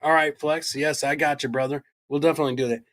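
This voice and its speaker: A middle-aged man co-hosting a podcast, telling a true-crime story in a loud, profane, jokey way. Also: fairly high pitch, fairly even intonation, fast talker. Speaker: podcast co-host. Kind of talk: casual true-crime chat.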